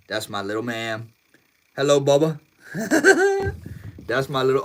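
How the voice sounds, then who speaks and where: A man's voice: mid-range voice, huge pitch swings, unhurried, long pauses, fairly bright tone, slight background noise. Slangy young man chatting on a livestream. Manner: loose, slangy, swears freely, laughs often. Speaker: livestream host. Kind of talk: casual livestream chat.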